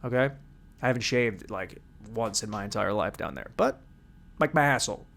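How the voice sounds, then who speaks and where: A man's voice: lowish voice, expressive, moderate pace, vocal fry, fairly bright tone. A man hosting a solo comedy podcast, ranting crudely and energetically. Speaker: podcast host.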